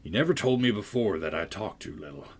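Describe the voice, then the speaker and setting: A man voicing Heathcliff, a sullen and brooding teenage farm boy, with a gruff, husky voice in an audiobook. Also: expressive, a little fast, full character voice. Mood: resentful. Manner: gruff, sullen, low-spoken. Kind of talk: audiobook character voice.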